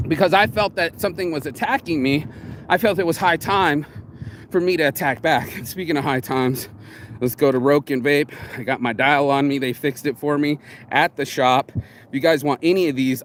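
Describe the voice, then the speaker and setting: A man talks into his phone outdoors in a loose, confessional ramble, full of restarts and fillers. His voice sits a bit high for a man. A faint hiss of outdoor noise stays under him the whole time. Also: moderate pace. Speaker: vlogger. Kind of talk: casual morning livestream monologue.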